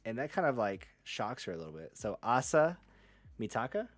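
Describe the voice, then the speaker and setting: A man's voice: mid-range voice, sing-song, moderate pace, dry recording. A man co-hosting a casual manga chapter review, loose and profane, acting out characters in quoted lines. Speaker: podcast co-host.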